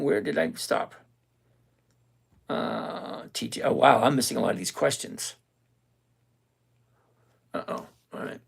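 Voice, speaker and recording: A retired older host runs a live investing stream, chatting straight to the camera and firing back at viewer comments. The voice is gravelly and sits at a middle pitch. The delivery is blunt and sarcastic, and the host repeats phrases over and over to drive each point home. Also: very animated, measured pace, pauses often.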